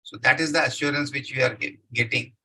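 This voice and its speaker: A man's voice: medium pitch, steady tone, fast, sharp tone, slightly rough, poor audio. Man giving a scripture lecture. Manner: asks the listeners rhetorical questions and answers them; recites Sanskrit verses, then explains them. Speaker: scripture class speaker.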